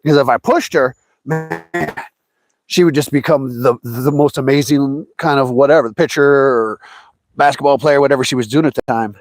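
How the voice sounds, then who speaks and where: A man's voice: medium pitch, gravelly, no room sound. Middle-aged guy on a fishing stream just chatting, rambly storyteller, dry close sound. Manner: rambling and anecdotal, lively voices for quotes. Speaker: fishing livestream host. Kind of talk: casual storytelling chat.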